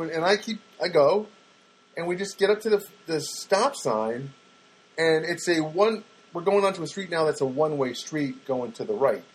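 On a low-quality recording, a chatty man with a fairly high, slightly rough voice tells meandering stories from daily life. He gets excitable, says things over again, and acts out how others talked.

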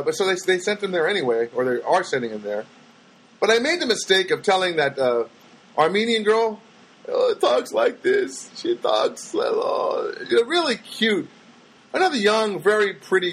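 A man talks straight to his audience in a loose, wandering monologue about his errands. His voice sits high for a man and is a little husky. It leaps up and down as he acts out what everyone said. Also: moderate pace, poor audio. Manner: rambling, animated, acts out voices of people he quotes. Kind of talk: casual storytelling monologue.

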